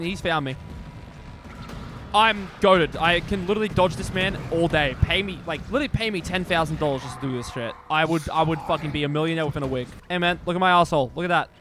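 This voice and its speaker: A young man doing casual let's-play commentary as a gaming streamer, joking, swearing and reacting loudly to what happens on screen. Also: high-pitched, a little hiss or hum. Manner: excitable, swearing, jokey.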